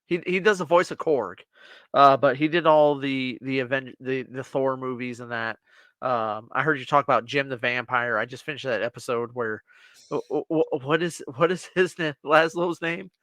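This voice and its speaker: A man co-hosting a podcast, casually and excitedly retelling scenes from a TV show in a rambling way. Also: mid-range voice, moderate pace, no room sound. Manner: excited, rambling, quotes characters. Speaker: podcast co-host. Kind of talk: casual chat, retelling episodes.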